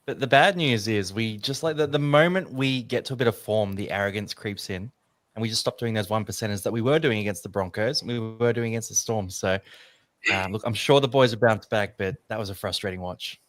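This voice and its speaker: A man's voice: on the low side, a little fast, a bit bright. An Australian man on a podcast panel, giving a frustrated breakdown in casual chat. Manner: frustrated analysis.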